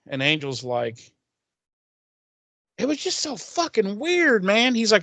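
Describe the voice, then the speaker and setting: A man's voice: high voice, sing-song, sharp tone, no room sound. A man co-hosting a podcast, casually retelling a TV episode in a rambling, profane way and briefly acting out the characters. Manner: rambling, profane, acts out characters in quick voices. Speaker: podcast co-host recapping an episode. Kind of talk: casual chat, retelling scenes.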